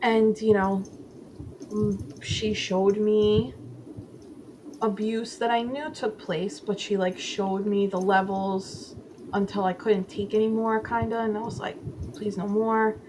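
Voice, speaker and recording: A woman's voice: mid-range voice, fairly even intonation, slow, background noise. A woman guest in a casual interview, candidly telling a personal story and acting out her own inner voices, with many "like" fillers. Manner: frequent "like" fillers.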